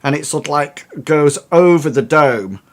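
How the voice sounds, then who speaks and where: A man narrating a tabletop role-playing game as game master, halting and full of restarts. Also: fairly high pitch, animated. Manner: hesitant, many fillers and restarts.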